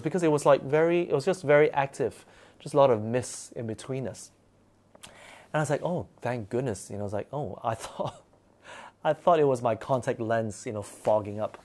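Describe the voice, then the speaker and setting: A man with a darkish, mid-range voice tells a personal story at a brisk clip. His telling is casual and rambling, packed with fillers and frequent restarts.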